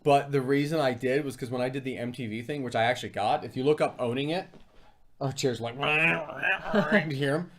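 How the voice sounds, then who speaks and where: Young adult male co-host, casual rambling livestream talk, mid-pitched and self-deprecating. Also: normal speed, a bit bright. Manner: rambling, self-deprecating storytelling with many fillers. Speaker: co-host of a food review livestream. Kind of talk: casual live-stream chat.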